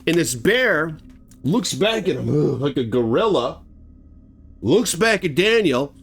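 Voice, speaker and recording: A man's voice: sits high, a bit bright. A man telling a gruesome story in a casual spoken way, acting out sound effects and swearing freely. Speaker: storyteller host.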